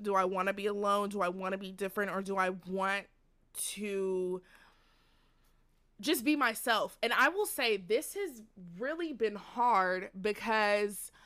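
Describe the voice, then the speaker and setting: Bright-voiced young woman, earnest and candid. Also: mid-range voice, dry recording, studio quality. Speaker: podcast host. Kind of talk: personal faith podcast monologue. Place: at home during a storm.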